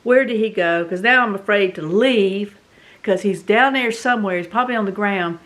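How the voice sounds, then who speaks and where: A middle-aged woman with a Southern US accent tells a story in a casual, animated, dramatic way, full of fillers. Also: medium pitch, moderate pace. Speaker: vlog host.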